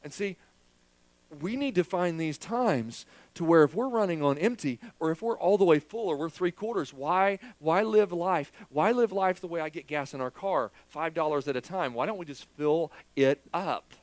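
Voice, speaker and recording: A man preaches to his church in an open, confessional way, poking fun at himself as he goes. His voice sits a little on the high side. The sound is dry, with little room echo. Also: lively intonation, moderate pace. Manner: candid, joking and self-deprecating, talking to a congregation. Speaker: pastor. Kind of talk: sermon.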